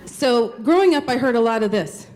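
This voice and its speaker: A woman's voice: a little high, lively intonation, fairly quick, darkish tone. Frank, profane woman telling a story. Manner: candid, profane, lots of "like". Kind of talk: live stage storytelling. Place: live storytelling show on stage.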